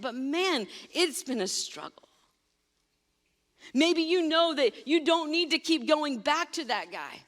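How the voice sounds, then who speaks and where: A woman's voice: high-pitched, fairly bright tone, in a large hall. A woman pastor giving a sermon, speaking emphatically and addressing her listeners directly. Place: church sanctuary.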